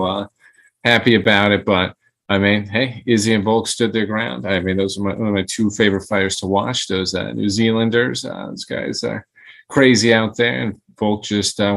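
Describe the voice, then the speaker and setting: A man's voice: on the low side, creaky, a bit bright. A man co-hosting a casual sports talk show, talking in a laid-back, rambling way and teasing his co-host.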